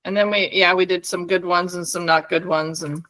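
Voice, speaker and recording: A woman's voice: on the low side, fairly even intonation, normal speed, fairly bright tone. A middle-aged woman co-hosting a podcast, rambling through family stories in casual chat and laughing often. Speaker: podcast co-host.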